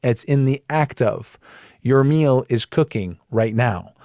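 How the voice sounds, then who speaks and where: A man giving a conversational Bible study, explaining verses step by step in a plain, emphatic way that turns animated when he presses a point. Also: medium pitch, slow, no echo, clean studio sound. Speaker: Bible teacher.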